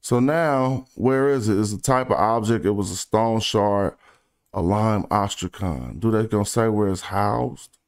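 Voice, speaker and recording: Smooth-voiced man thinking aloud over research. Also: lowish voice. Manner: thinks aloud, reads passages slowly, drifts into quiet asides. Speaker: independent researcher presenting online. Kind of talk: casual screen-share research commentary.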